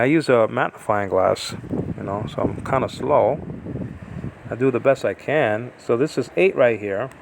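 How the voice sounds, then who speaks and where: A man teaching a Bible lesson in a halting, informal way, with many fillers as he sounds out Hebrew and Greek words. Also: medium pitch, gravelly, slight background noise. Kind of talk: informal scripture study.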